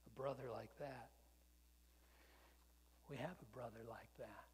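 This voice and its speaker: A man preaching a sermon, telling a story that swells loud and then drops to a whisper. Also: medium pitch, measured pace, a little hiss or hum. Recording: long hall reverb.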